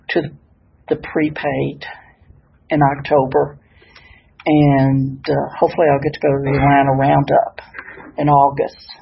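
A woman's voice: low-pitched, vocal fry, slightly rough, muffled recording. An older woman giving a folksy, good-humored personal share at a sobriety meeting, speaking to an audience in a hall. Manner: warm-hearted, folksy, laughs at herself.

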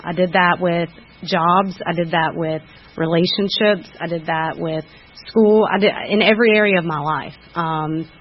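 A woman giving a candid personal recovery testimony at a meeting, frank and self-critical, often restarting with fillers. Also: lowish voice. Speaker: speaker sharing at a recovery meeting. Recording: dull lo-fi recording.

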